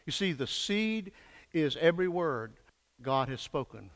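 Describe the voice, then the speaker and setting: An older man preaching a fervent sermon, swinging from hushed lines to shouted peaks and calling for answers from the congregation. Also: a little high, big pitch swings, a little slow. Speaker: pastor. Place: church sanctuary. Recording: echoey church hall.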